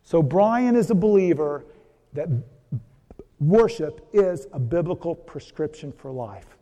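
A man's voice: fairly high pitch, expressive, measured pace, warm tone. A man, a physician, giving a folksy health seminar to a church audience, telling stories and asking the crowd questions. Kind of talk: conversational seminar talk with storytelling. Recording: long hall reverb.

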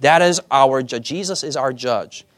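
A man preaching a sermon in a lively, joking way, often asking his listeners for an "amen". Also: medium pitch, a little slow, dry recording. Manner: lively, asks the audience "amen?" often, jokey asides.

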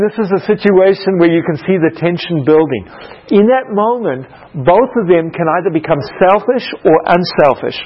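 A man's voice: fairly high pitch, muffled recording. A man teaching a Bible lesson like a sermon, telling stories and asking the audience questions. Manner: animated storytelling, asks the audience questions. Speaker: preacher teaching a class.

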